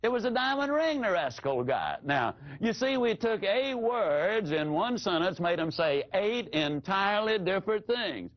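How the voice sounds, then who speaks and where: An older man giving a folksy, animated sales seminar talk to an audience, often playing with his vocal inflection. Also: a little high. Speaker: sales trainer. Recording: dull lo-fi audio.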